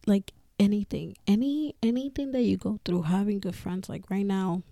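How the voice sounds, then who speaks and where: A woman talks openly on her podcast, swearing freely and laughing between phrases. Her voice is gravelly and dark. The sound is dry and close. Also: mid-range voice, fairly even intonation, normal speed, no room sound. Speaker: podcast host. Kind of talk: casual personal talk.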